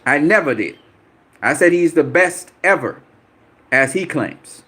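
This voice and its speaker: A man's voice: fairly high pitch, expressive, measured pace, pushed and bright, slightly rough. A man hosting a boxing channel, answering viewer comments on a live stream in a combative, profane way, repeating himself for emphasis.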